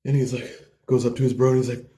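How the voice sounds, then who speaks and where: A preacher telling a parable in a casual, slangy way, full of like and bro. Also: male voice, mid-range voice, little pitch movement, fast, mellow. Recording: roomy echo.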